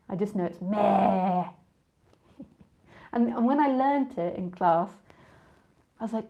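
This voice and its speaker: A woman's voice: mid-range voice, normal speed, pauses often, muffled recording. A woman spiritual teacher in a casual live talk with listeners, rambling and chatty, often laughing and drifting off on tangents.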